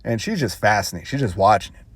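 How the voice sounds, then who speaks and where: Animated man rambling through a story. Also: on the low side, fast talker, breathy edge, dry recording. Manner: rambling, animated, self-conscious laughter. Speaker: vlogger. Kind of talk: casual storytelling.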